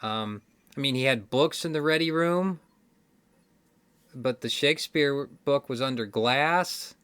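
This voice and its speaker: A man's voice: mid-range voice, measured pace, fairly bright tone, smooth. A man with a Midwestern accent hosting a casual trivia video, rambling and correcting himself with wry asides. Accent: Midwestern American. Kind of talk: casual solo chat to camera. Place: indoors, card game stack behind him.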